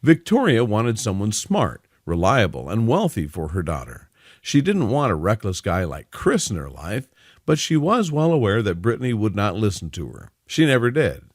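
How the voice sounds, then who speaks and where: Casting: male storyteller, lowish voice, animated delivery, dry close sound. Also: moderate pace, slightly rough, no room sound. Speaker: narrator. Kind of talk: scripted story narration.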